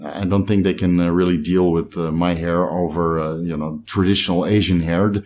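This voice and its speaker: A man's voice: sits low, steady tone, moderate pace, darkish tone. A middle-aged man with a slight Dutch accent, chatting casually to camera as he reads out and answers viewer comments. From Netherlands. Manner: rambling, chatty, self-deprecating. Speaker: bodybuilding channel host. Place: home in a hot climate.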